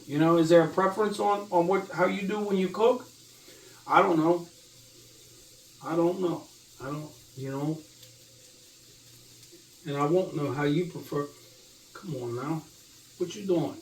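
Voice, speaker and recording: A man's voice: fairly high pitch, a little mellow. A man hosting a home cooking show, talking loosely to viewers with jokes and cussing while his eyes water from onions. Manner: loose, joking and profane, talks to viewers. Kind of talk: casual cooking chat. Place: home kitchen. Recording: echoey room, from far off.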